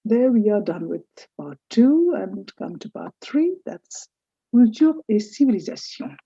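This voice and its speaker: A woman teaching a French lesson, speaking slowly and patiently and repeating words for learners to copy. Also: mid-range voice, sing-song, vocal fry, warm tone, breathy edge, dry recording. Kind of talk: recorded language lesson. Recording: dull lo-fi dry recording.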